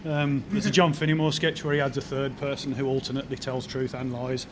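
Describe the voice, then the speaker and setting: A man talking casually as a musician guest in an outdoor interview, thoughtful and dryly funny, with halting restarts, into a handheld mic. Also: mid-range voice, flat delivery, over a noisy crowd. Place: outdoors in the cold. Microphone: handheld microphone. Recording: outdoor street noise.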